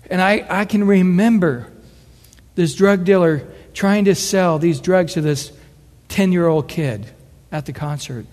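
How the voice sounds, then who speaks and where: A man's voice: on the high side, a little mellow. Earnest male preacher in a reverberant hall. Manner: earnest, conversational, with acted-out quotes. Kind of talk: sermon.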